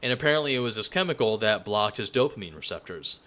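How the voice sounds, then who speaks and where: A man's voice: fairly low pitch, animated, fast talker, fairly bright tone. A man giving a casual spoken lecture, talking loosely with plenty of fillers and restarts.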